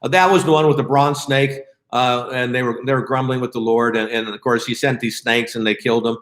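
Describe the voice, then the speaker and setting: A man leading a Bible study in a casual, conversational way, often pausing with fillers and restarting his sentences. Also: mid-range voice, steady tone, a bit bright, roomy sound.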